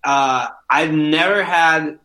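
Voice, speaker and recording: A man with a fairly high, bright, forceful voice tells stories in a loose podcast chat. He is animated, swears freely and fills his sentences with "like". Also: takes it slowly. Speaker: podcast guest. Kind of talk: casual chat, storytelling.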